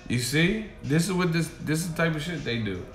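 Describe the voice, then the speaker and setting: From a hotel room, a man rants on a stream, profane and mocking, his voice on the high side, animated and fairly quick. Soft music plays in the background, and the room sounds echoey.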